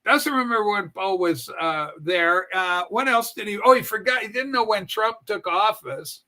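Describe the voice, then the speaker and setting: A man hosting a casual political talk livestream, brash and profane, with animated storytelling. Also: sits high, normal speed. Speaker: political talk show host. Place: home room with a Star Trek shrine.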